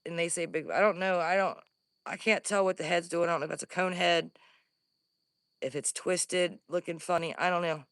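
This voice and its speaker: A woman's voice: on the low side, steady tone, moderate pace, no room sound, studio quality. Jittery woman whispering in the woods. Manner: jittery, drops into hushed whispers. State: breathing heavily from fear. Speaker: paranormal vlogger. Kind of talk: live outdoor investigation vlog. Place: woods outdoors.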